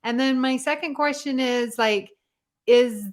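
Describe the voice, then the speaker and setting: A woman on a podcast co-host panel, asking questions in a casual, unhurried way. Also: sits high. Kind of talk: casual fan discussion.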